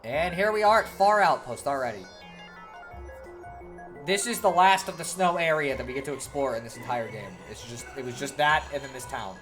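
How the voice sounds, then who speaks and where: Brief: low-pitched woman giving offhand let's-play commentary, swears freely, over game music. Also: lively intonation, moderate pace, low-quality recording. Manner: casual, swearing, thinking aloud. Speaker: game streamer.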